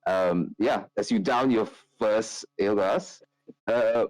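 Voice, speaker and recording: A man's voice: lowish voice, slow pace, a little mellow, dry recording, rough recording. A man narrating a tabletop game as game master, chatty and full of fillers.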